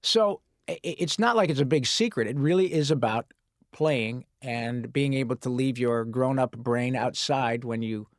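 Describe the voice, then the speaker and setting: A man, a guest voice actor in a podcast interview, telling lively stories and slipping into character voices now and then. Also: mid-range voice, normal speed, dry recording, clean studio sound. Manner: animated storyteller who slips into character voices. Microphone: studio microphone.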